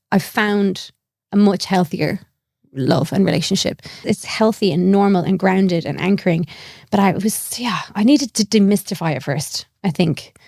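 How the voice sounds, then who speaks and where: A woman's voice: medium pitch, creaky, dry recording, studio quality. An Irish woman in her thirties, a comedian chatting as a podcast guest and telling stories with acted-out quotes. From Ireland. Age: 30s. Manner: animated storytelling with acted-out quotes. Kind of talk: casual chat.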